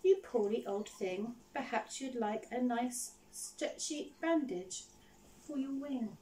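A gentle, caring little girl from a storybook, with a high, lilting voice, as a woman puts her on. She sounds soothing and sweet, recorded from away from the mic. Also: expressive, slow pace, roomy sound, recorded from a distance, a little hiss or hum.

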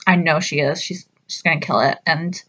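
Woman, vlogger, casual reaction chat, excitable and emotional, husky tone. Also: low voice, normal speed, dull audio. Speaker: vlogger reacting to a movie trailer.

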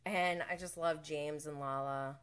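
A woman's voice: low-pitched, steady tone, measured pace, fairly bright tone, clear, resonant tone. A woman hosting a casual reality-show recap, rambling and chatty, laughing often and mimicking the people she talks about. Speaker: podcast host.

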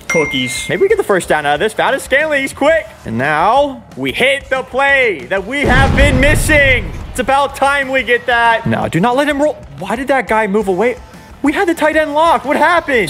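A man giving live commentary over his own football video game play, excitable, swinging from muttered asides to sudden shouts. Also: high voice. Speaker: gaming YouTuber.

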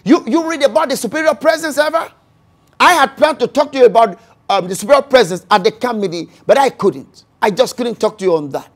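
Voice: medium pitch, lively intonation, a little fast. Preacher retelling scripture dramatically. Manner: dramatic storytelling, swinging from loud bursts to hushed lines; acts out scripture dialogue with repeated phrases. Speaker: pastor. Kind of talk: sermon.

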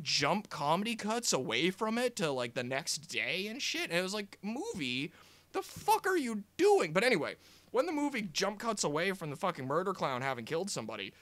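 A young man ranting casually about a film he reviews, animated and exasperated, swearing often and full of fillers. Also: high-pitched, moderate pace, no echo. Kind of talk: casual movie-review rant.

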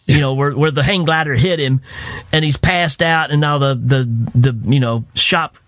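A man's voice: on the high side, normal speed, a bit bright, dry recording. A man hosting a movie podcast, talking casually, chuckling often and repeating words. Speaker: podcast host.

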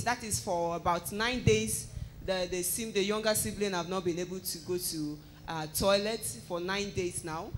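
A man explains a healing testimony with earnest, preacherly conviction, pausing on fillers. His voice is quite high, with faint noise behind him in the church. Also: a bit bright, poor audio. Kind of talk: sermon-like explanation.

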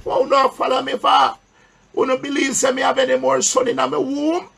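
A man's voice: very high-pitched, completely flat delivery, normal speed, gravelly, a bit bright, breathy edge, voice pushed up, exaggerated voice. A male preacher voicing a grieving old woman who urgently pleads with her daughters. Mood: pleading.

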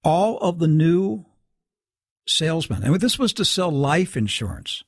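Husky, lively-voiced man telling a story. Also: fairly high pitch, a little slow, no echo, studio quality. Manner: animated, acts out quoted dialogue. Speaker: guest storyteller. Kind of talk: casual spoken storytelling.

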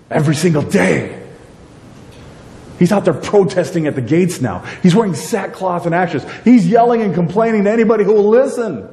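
A middle-aged man preaching a sermon as pastor, animated and joking, acting out characters and asking the congregation questions. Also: normal speed. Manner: animated, acts out characters in quotes; jokey, asks the congregation questions. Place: church sanctuary. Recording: echoey church hall, faint rumble.

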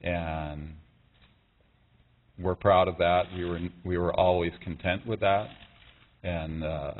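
A middle-aged man making a statement at a press conference, speaking haltingly with many pauses and restarts. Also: low voice, fairly even intonation. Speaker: father making a public statement. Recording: tinny, phone-like sound.

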